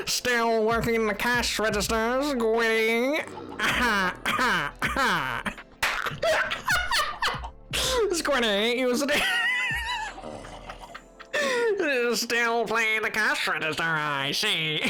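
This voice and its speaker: A man's voice: very high-pitched, big pitch swings, drawn-out words, pushed and bright, faint music behind. A man live streaming while gaming, chatting with viewers in a put-on 1920s radio announcer accent, playful and laughing often.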